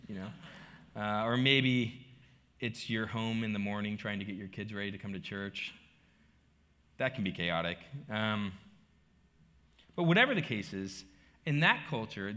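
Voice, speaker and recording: A pastor in middle age, his voice on the low side, preaches by telling the story through rhetorical questions. He swings from quiet asides to loud emphasis.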